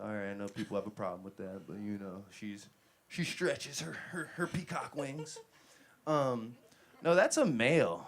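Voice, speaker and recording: A man in his thirties hosting a live interview, loose and joking, rambling with many fillers. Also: lowish voice. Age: 30s. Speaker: host.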